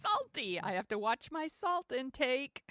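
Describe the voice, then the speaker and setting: A woman's voice: high-pitched, sing-song, a little slow, sharp tone, slight background noise. A woman hosting a podcast, chatting casually in an upbeat way with fillers. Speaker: podcast host. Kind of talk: casual chat. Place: home, San Francisco.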